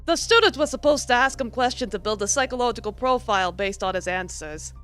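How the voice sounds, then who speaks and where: A woman's voice: a little high, very animated, normal speed, a bit bright, faint music behind. A woman voicing a polished older male criminology professor with a put-on mock British accent, formal and long-winded, as she reads a visual novel aloud. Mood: reminiscing.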